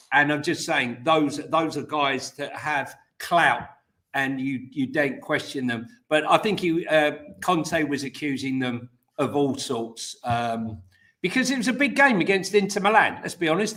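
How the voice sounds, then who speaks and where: A man co-hosting a casual football chat, animated and opinionated, with slang. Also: on the high side. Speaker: co-host of a football news show.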